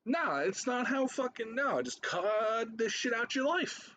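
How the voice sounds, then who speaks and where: Guy in his 30s ranting at posts, high voice that jumps all over, swears nonstop, rambles. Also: big pitch swings, a little slow, few pauses, bright, forceful tone, lo-fi sound, slight background noise. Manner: profane, rambling, laughing, repeats himself. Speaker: commentator reacting to posts. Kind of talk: ranting reaction commentary.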